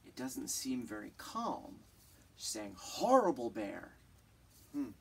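A teacher reading a picture book aloud to children, pausing to point at pictures and ask gentle questions. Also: medium pitch, lively intonation, creaky, breathy edge, distant mic.

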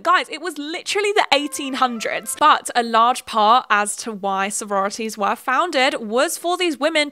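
A young woman delivers a commentary video essay in a conversational but strongly opinionated way. Her voice is bright and sits a little high. She leans hard on the key words.

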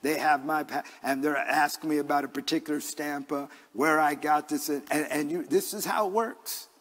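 A man's voice: a little high, steady tone, normal speed, fairly bright tone, long reverb tail. A male pastor preaching a sermon in an earnest, conversational way, mixing scripture with personal stories, recorded in a church. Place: church sanctuary.

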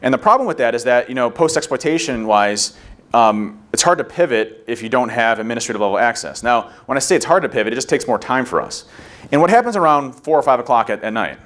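A man giving a conference talk on security, rapidly telling animated stories and acting out the people in them. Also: medium pitch. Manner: rapid, animated storytelling, acts out quotes. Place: conference room.

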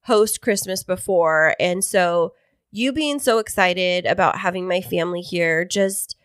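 Casual podcast co-host, woman in her thirties, lively storyteller, dry studio sound. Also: measured pace, clear, resonant tone, dry recording. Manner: animated storyteller, mimics others in high voices. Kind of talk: casual chat. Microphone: studio microphone.

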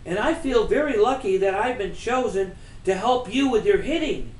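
A man's voice: high-pitched, expressive, moderate pace, darkish tone, slight background noise. A man voicing the humble, reflective ghost of a baseball star, in an echoey room. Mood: earnest.

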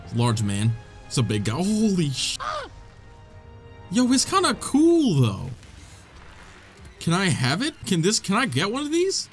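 A young man giving excitable let's play commentary, laughing, swearing and reading the dialogue aloud. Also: high-pitched, measured pace, pauses often. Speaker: gaming YouTuber. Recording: faint game music behind. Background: faint game music.

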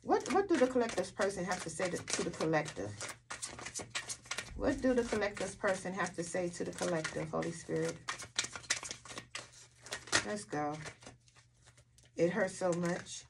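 A woman's voice: fairly low pitch, expressive, moderate pace, creaky, long pauses, background noise. A woman doing a tarot reading for her viewers, blunt and emphatic, with frequent swearing and repeated rhetorical questions. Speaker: tarot reader.

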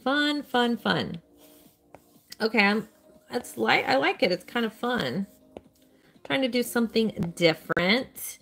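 A woman's voice: on the high side, lively intonation, slow pace, vocal fry, fairly bright tone, faint music behind. A woman hosting a live stream, chatting casually and cheerfully while answering her viewers' questions as she plays a game. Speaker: live-stream host playing a mobile game.

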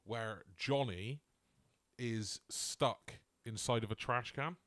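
A podcast co-host tells an anecdote in casual conversation, animatedly acting out the people and their quotes. His medium-pitched voice moves slowly, and the recording is dry.

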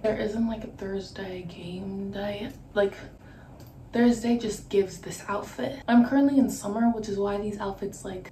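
A woman's voice: medium pitch, warm tone, recorded from a distance. A young woman vlogging her outfits in a casual, rambling way full of fillers. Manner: chatty, rambling with lots of "like" fillers. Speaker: fashion vlogger. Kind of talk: casual outfit try-on vlog. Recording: roomy, echoey room from off the mic with noise.

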